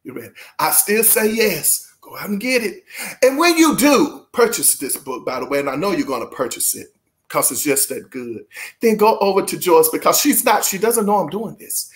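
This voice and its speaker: A man hosting his channel, chatting casually with viewers and reading aloud from a book with lively asides. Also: sits high, moderate pace. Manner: animated, urging and exclaiming. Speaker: channel host.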